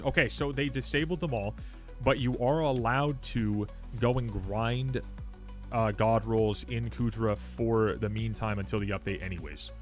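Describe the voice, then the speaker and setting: Young male game streamer, lowish voice, loose and profane, faint music underneath. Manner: swears freely, reacts loudly, reads patch notes aloud. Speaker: livestreamer. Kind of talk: casual live game stream.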